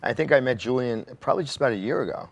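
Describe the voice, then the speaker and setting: A man's voice: medium pitch, animated, very fast, gravelly. A man who is an interior designer, telling anecdotes in a chatty way on a panel. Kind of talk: panel talk, storytelling.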